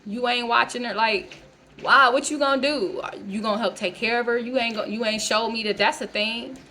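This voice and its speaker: A woman's voice: fairly high pitch, fairly even intonation, normal speed, bright, forceful tone, a little hiss or hum. A woman in her thirties ranting bluntly to camera in a vlog, heated and full of profanity. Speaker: vlogger. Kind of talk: casual rant to camera.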